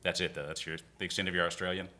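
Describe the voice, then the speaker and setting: A man with a low but bright, forward voice, co-hosting a casual live stream. He reads out viewer questions and trades wry, teasing jokes. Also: little pitch movement, very fast. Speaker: co-host reading chat questions.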